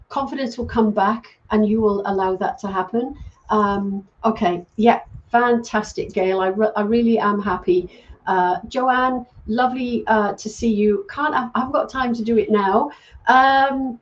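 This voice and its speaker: A middle-aged British woman, born in England and raised in Wales, hosts a casual livestream as a psychic medium, reading out viewer comments. Her medium-pitched voice has its highs cut off, and she's chatty, thanks people warmly, and says "um" a lot.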